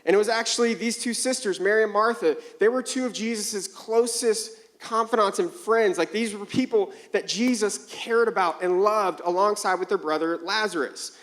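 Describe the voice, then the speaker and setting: A young male pastor preaching with a high, bright voice. He tells his stories in an animated way, acting out both sides of a conversation before turning to scripture. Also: moderate pace, hardly any pauses. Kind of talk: sermon.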